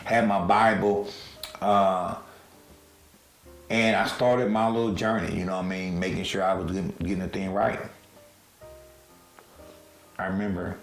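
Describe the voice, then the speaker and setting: Man, low voice, gravelly, earnest personal testimony, casual storytelling, roomy echo. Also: level tone, measured pace, long pauses, faint music behind. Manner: earnest, conversational, emotional retelling. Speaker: storyteller recounting own experience.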